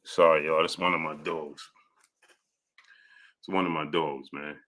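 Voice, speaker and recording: A man's voice: extremely low pitch, unhurried, slight background noise. A man hosting a live sports stream, reading out viewer comments and laughing often as he answers them. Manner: animated, laughing often, talking back to viewers. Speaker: sports show host. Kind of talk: live-stream chat reading super chats.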